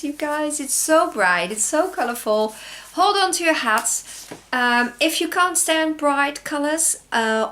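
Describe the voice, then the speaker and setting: Slow-talking woman gushing over yarn. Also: a little high. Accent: Dutch. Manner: gushing and excitable, gasps and squeals over yarn. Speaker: knitting podcast host. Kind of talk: casual video podcast chat.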